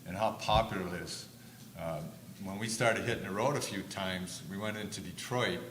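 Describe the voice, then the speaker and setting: An older man on a conference panel telling lively stories, acting out quotes loudly. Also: low-pitched. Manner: animated storyteller, acts out quotes loudly. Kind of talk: storytelling on a panel. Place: conference stage. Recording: echoey room with faint noise.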